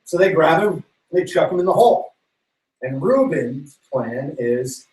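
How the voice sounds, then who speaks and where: A man's voice: on the high side, lively intonation, unhurried, darkish tone, echoey room, far from the mic, poor audio. A man preaching to young people in a casual, slangy way, retelling a story and acting out its characters. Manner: slangy, playful, acts out characters' voices. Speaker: youth pastor.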